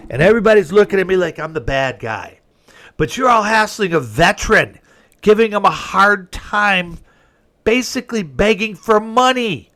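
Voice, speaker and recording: A man's voice: high-pitched, lively intonation, normal speed, a bit bright. A middle-aged man hosting a talk show, giving a rambling, folksy opinion monologue that flares up when he gets indignant. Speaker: host.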